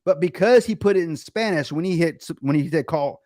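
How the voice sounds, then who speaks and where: A middle-aged man, a guest, telling a rambling story in a lively, animated way. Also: on the high side, a little fast, dry recording, studio quality. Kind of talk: casual storytelling chat.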